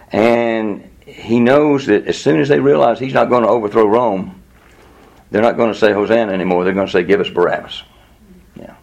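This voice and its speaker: A man preaching a Bible teaching in a conversational, animated way, often chuckling and repeating words as he goes. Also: mid-range voice, creaky. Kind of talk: sermon teaching.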